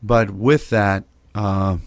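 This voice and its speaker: A middle-aged man speaks in an unhurried, lowish voice, chatting casually on a ministry radio program. He halts often, restarting phrases and filling pauses. The sound is dry and close. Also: steady tone, dry recording. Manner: halting, with many fillers and restarts. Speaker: co-host of a prayer ministry radio show. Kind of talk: casual chat.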